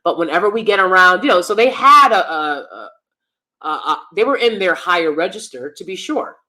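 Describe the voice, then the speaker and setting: On a casual livestream, the host reads comments from viewers and responds with forceful, opinionated advice full of repetition for emphasis. Her voice is on the low side, expressive and sharp-toned, at a moderate pace.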